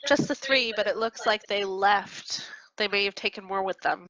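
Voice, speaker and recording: A woman speaking as a player in a tabletop game, chiming in with quick, teasing remarks. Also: medium pitch, pushed and bright, no room sound, highs cut off. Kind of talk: casual tabletop play.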